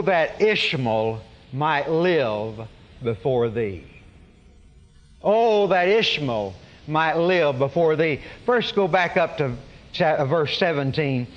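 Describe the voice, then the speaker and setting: A man's voice: on the high side, fairly bright tone, in a large hall, lo-fi sound. A man preaching a sermon, telling the story conversationally with wry humor and frequent restarts. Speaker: pastor.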